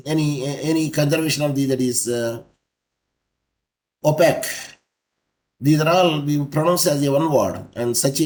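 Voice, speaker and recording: A man teaching an online law class, explaining slowly and spelling out letters one by one. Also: a little high, a little mellow. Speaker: law lecturer. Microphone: video call.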